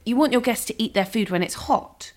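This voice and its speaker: A woman hosting a casual podcast who puts in quick reactions and follow-up questions. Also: a little high. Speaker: podcast host.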